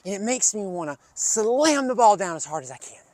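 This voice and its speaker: A man hosting an energetic kids' lesson, coaching children through calming breaths and movement. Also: high voice, brisk, no room sound. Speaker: kids' fitness and social-emotional learning host.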